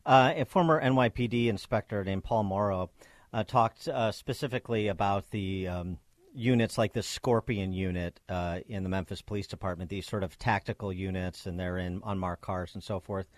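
A man hosting a radio interview, asking long, measured questions with many fillers. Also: fairly low pitch, dry recording. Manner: measured, hesitant, many fillers between phrases. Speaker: radio host.

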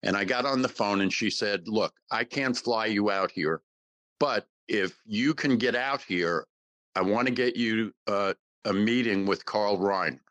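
Sixties man, actor guest, spins anecdotes with lively character voices, lower register, dry sound. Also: a little slow, no echo, poor audio. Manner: animated storyteller, acts out quoted dialogue. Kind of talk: casual interview storytelling.

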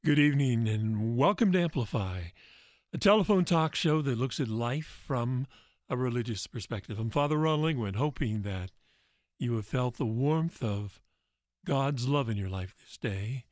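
A priest hosting a religious call-in radio show, speaking in a gentle, reflective way with pauses. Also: male voice, medium pitch, lively intonation, dry recording, clean studio sound.

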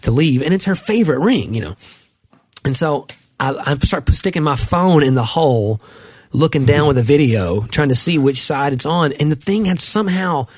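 A middle-aged man with a husky, slightly breathy voice tells a rambling story full of restarts and asides. The sound is close and dry, with no room around it. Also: a little high, animated, normal speed, a little mellow, dry recording. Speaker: podcast co-host. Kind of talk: casual chat.

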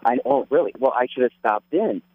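A man's voice: medium pitch, expressive, a little fast, no room sound. Male caller on a tinny phone line. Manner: easygoing, hesitant with fillers. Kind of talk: casual phone call. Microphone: cell phone.

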